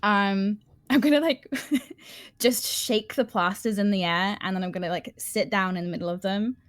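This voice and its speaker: A woman's voice: medium pitch, normal speed. Giggly woman player, casual talk. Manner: giggly, chatty, many fillers. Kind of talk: casual tabletop game play.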